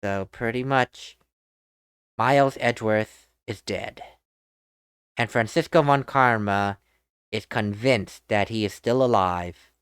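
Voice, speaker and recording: A woman's voice: rumbling low, takes it slowly, long pauses, smooth, no room sound. A woman hosting a let's play, giving chatty, giggly commentary on the story. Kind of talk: casual game commentary.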